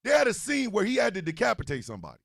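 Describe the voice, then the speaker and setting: A man telling a comic story as a podcast host. He swings from low mutters to loud outbursts. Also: huge pitch swings, racing, creaky, no echo, studio quality. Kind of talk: comedic storytelling monologue.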